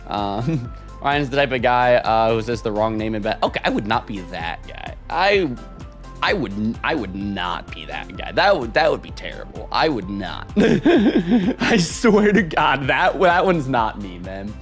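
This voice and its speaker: A man's voice: fairly low pitch, sing-song, moderate pace, fairly bright tone, faint music behind. A man chatting casually with his live stream viewers, rambling, reading chat aloud and laughing often.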